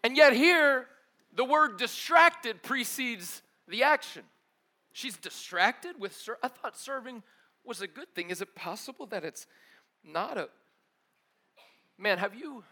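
Preaching with loose, high-energy style, this young pastor drops words like "bro" and "dude." His delivery alternates between booming emphasis and hushed, low-voiced side comments.

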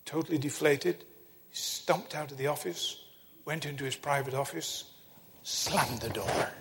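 An older man preaching, telling a personal story in an earnest sermon style that sinks to a hushed tone at tense moments. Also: fairly high pitch, measured pace, slight background noise. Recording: long hall reverb.

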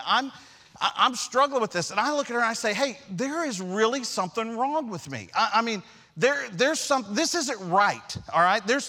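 Preacher guy, pretty high bright voice, jokey storytelling sermon. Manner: animated, self-deprecating humor. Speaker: pastor.

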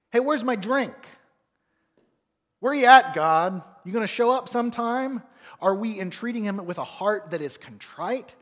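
Man preaching, husky voice, lively rising and falling pitch, long church-hall reverb. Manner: earnest, animated preaching with acted asides. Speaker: pastor. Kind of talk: sermon.

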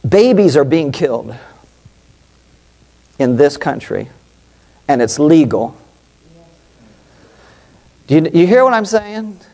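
A man's voice: on the high side, sing-song, takes it slowly, long pauses, mellow. A middle-aged man, a pastor and psychologist, preaching a passionate, emphatic sermon and putting questions to the congregation.

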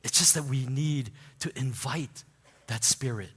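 A man preaching a sermon, telling a personal story in an animated way, laughing at himself and dropping soft and low when he turns to prayer. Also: measured pace, husky. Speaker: pastor. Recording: long hall reverb.

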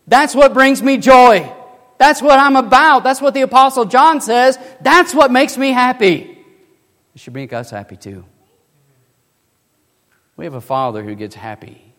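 A man pastor preaching a sermon, throwing out rhetorical questions and swinging between quiet asides and loud emphasis. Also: very high-pitched, expressive, measured pace, long pauses, big-room sound.

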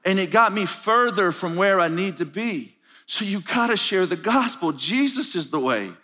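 A man preaches to a conference crowd in a big reverberant hall. His voice sits on the higher side, and he tells his stories with lots of energy, acting out the other people's lines as he goes. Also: normal speed. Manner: animated storytelling, acts out dialogue. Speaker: pastor. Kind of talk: conference sermon. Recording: live hall with long reverb.

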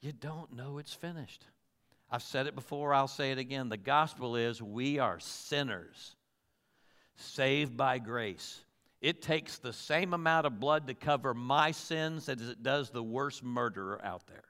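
A man's voice: mid-range voice, measured pace, bright, forceful tone, clean tone, in a large hall. A man preaching a sermon, talking earnestly to his listeners with rhetorical questions and voicing the people and words he quotes. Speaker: pastor.

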